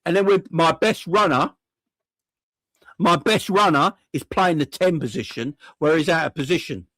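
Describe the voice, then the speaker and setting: Furious over a football loss, this young man hosting a fan channel delivers a sweary reaction rant full of repetition and rhetorical questions. His voice is a little high and a bit bright, at normal speed, with no echo.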